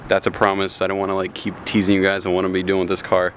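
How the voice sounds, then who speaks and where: Young man, lowish voice, upbeat car vlog, crickets and outdoor noise behind. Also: monotone, rapid-fire, fairly bright tone. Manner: upbeat, laughs often, chatty. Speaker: vlogger showing his car. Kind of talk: casual vlog talk.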